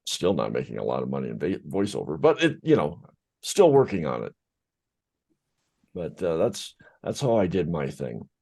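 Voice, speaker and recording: A man's voice: very deep voice, huge pitch swings, normal speed, gravelly, warm tone, slightly rough. A man co-hosting a casual group chat about voiceover work, telling stories in a rambling way with many fillers. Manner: rambling, filler-heavy storytelling. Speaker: podcast co-host, voice actor.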